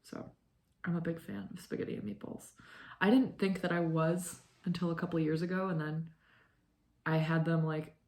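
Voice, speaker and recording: In her twenties, this woman hosts a knitting vlog and chats casually, rambling with plenty of fillers and "like." Her voice sits fairly low with a darkish quality, and she talks at a moderate pace in a level tone.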